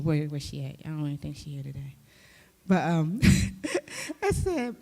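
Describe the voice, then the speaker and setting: Woman church speaker, conversational sermon, lively, pointed questions to the room, long hall reverb. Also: low voice, measured pace, long pauses. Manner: lively, with rhetorical questions to the audience. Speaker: church speaker and youth teacher.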